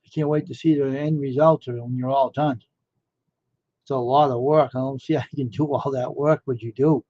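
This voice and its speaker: A man's voice: mid-range voice, fairly even intonation, brisk, mellow, no echo. A man chatting casually on a live stream, rambling and amazed, firing off one question after another. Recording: dull lo-fi dry sound.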